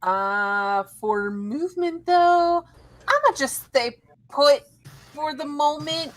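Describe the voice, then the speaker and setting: Female player, somewhat high voice, relaxed and muttering as she checks her sheet. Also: takes it slowly. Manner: casual, mumbling through options. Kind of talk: casual tabletop play.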